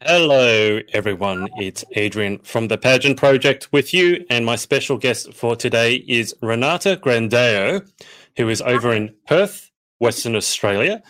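A man's voice: mid-range voice, expressive, unhurried, fairly bright tone. A man hosting a casual interview podcast, chatty and rambling, often restarting his sentences. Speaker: podcast host.

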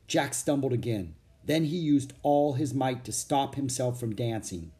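A man reading a children's book aloud as audiobook narrator, with an expressive, animated storytelling manner. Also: medium pitch, unhurried.

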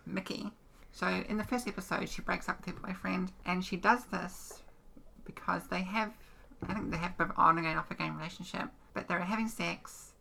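A woman's voice: lowish voice, steady tone, fairly quick, creaky, sharp tone, a little hiss or hum. A woman co-hosting a casual podcast chat, answering in an easygoing way and giving brief replies that agree. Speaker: podcast co-host.

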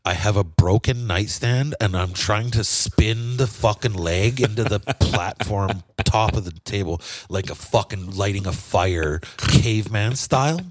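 A man's voice: fairly low pitch, unhurried, few pauses, dry recording. A young man co-hosting a casual podcast, telling a long rambling story full of swearing. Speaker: podcast co-host.

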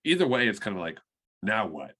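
Young man, lowish voice, laid-back, wry jokes, tipsy podcast chat. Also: sing-song, brisk, a bit bright, breathy edge. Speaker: podcast co-host. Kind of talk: casual chat.

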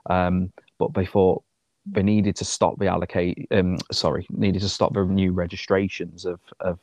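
A man chats about his football club, rambling and filling gaps with ums. His voice is low and recorded dry and close, with no room sound. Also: little pitch movement, moderate pace, darkish tone, dry recording. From Shropshire, England. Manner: rambling, lots of ums, friendly banter. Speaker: podcast co-host. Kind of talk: casual football chat.

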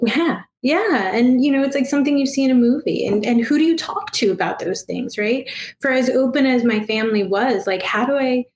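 A woman guest telling a personal story in a soft, emotional way, halting and full of fillers and restarts. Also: high voice, reverberant, a little hiss or hum. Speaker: guest, past life regression therapist.

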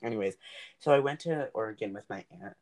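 A man's voice: fairly low pitch, fairly quick, a little mellow. A young man co-hosting a podcast, telling rambling stories in a casual chat and laughing often, recorded over a call. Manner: rambling, giggly storytelling. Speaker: podcast co-host.

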